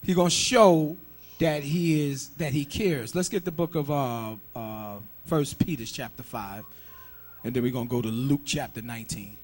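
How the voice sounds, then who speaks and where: A man preaching a sermon, emphatic and quick to shout, firing rhetorical questions and leading his listeners in call-and-response. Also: mid-range voice. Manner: calls for scripture reading and call-and-response.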